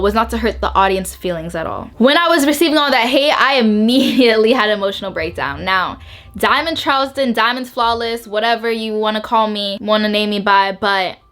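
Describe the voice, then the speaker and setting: A woman's voice: mid-range voice, fairly bright tone. A young woman YouTuber telling an emotional storytime to camera, bubbly and emphatic, repeating words and saying "like" a lot.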